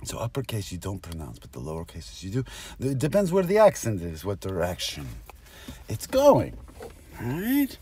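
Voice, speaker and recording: A man's voice: lowish voice, wildly swooping pitch, moderate pace, a little mellow, slightly rough. A man delivering a rambling improvised comic monologue, jumping between topics and cutting himself off. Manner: rambling, jumps between topics, self-interrupting. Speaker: comedic monologuist.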